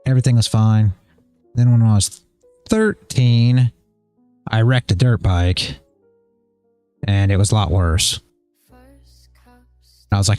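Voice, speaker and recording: A man's voice: lowish voice, takes it slowly, pauses often, darkish tone, clean tone, dry recording, soft background music. A man hosting a live stream, chatting casually and rambling through a personal story with many restarts. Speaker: livestream host.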